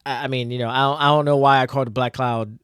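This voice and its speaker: A man's voice: medium pitch, fairly even intonation, quick pace, a bit bright, clear, resonant tone, dry recording, studio quality. A man casually commenting on his own old comic, self-mocking and full of fillers. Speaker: comic artist and channel host.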